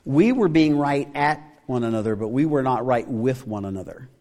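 A man's voice: medium pitch, expressive, moderate pace, a little mellow. A middle-aged male pastor preaching a conversational sermon, asking his congregation rhetorical questions. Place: church sanctuary. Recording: long reverb of a church hall.

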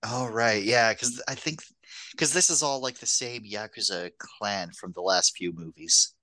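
A man's voice: on the low side, a little slow, dry recording. A man co-hosting a film podcast, chatting casually and hedging his points. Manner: relaxed, hedging with "like" and "I think".

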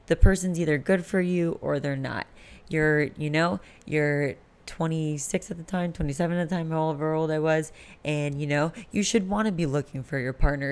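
A woman's voice: low voice, brisk. A woman in her late twenties hosting a candid, rambling late-night solo podcast, swearing freely. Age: late 20s. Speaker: podcast host.

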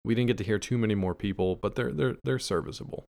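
A man's voice: fairly low pitch, quick pace, vocal fry, a little mellow. A man co-hosting a podcast, reviewing a show in easygoing casual chat and agreeing along. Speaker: podcast co-host.

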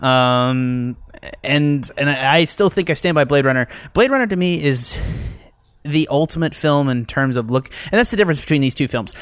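A man's voice: on the high side, lively intonation, normal speed, fairly bright tone, smooth, no room sound. A man co-hosting a podcast in casual film review chat, talking in long rambling runs with many restarts. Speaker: podcast co-host.

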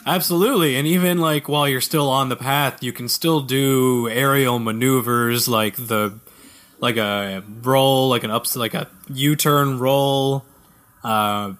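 A man in the middle of easygoing gaming banter, talking at an ordinary pitch. He walks through how a game plays, then slips into dry, teasing jokes. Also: fairly bright tone. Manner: joking, quick banter. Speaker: podcast co-host. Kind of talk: casual gaming chat.

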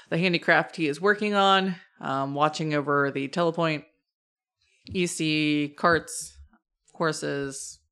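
Slow, low-voiced woman game master. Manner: measured, with frequent pauses and fillers. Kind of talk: narrating a tabletop game.

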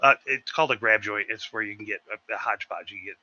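A man on a podcast telling a story in casual chat, animated and swearing freely. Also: lowish voice, quick pace, no echo, dull audio. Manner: animated, swearing, acts out shouted quotes. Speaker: podcast co-host.

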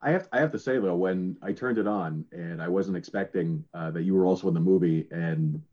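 A man's voice: low voice, brisk, muffled recording. A man hosting a podcast who chats casually, laughs along with his guest and often trips over his words. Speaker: podcast host. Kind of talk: casual chat.

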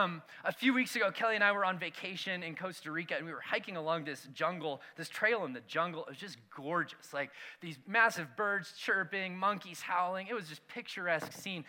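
A man preaching a sermon, telling a self-mocking personal story with animated swings between loud and hushed delivery. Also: sits high. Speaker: pastor.

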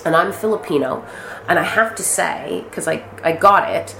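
Animated woman telling stories, echoey room. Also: lowish voice, normal speed, vocal fry. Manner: animated storyteller, acts out quotes, swears freely. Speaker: actress and guest. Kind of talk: casual interview chat. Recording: roomy echo with faint noise.

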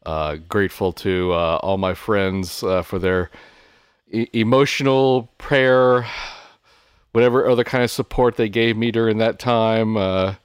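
A man co-hosting a podcast, speaking casually and haltingly with many fillers. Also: lowish voice, fairly even intonation, clean tone, no echo, clean studio sound. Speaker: podcast co-host. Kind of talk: casual chat.

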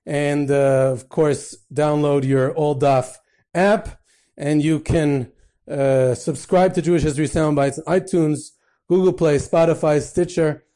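A male podcast host telling anecdotes in a mellow, fairly high voice. He pauses with "uh" and "um" and mixes in Yiddish phrases. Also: fairly even intonation. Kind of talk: storytelling talk.

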